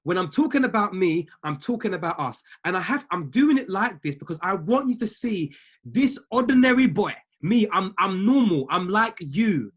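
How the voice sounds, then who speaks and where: A husky yet high-pitched man, animated and talking at normal speed, rallies a group of traders as their coach. His pep talk sounds like preaching, full of repeated lines and direct appeals to the listeners.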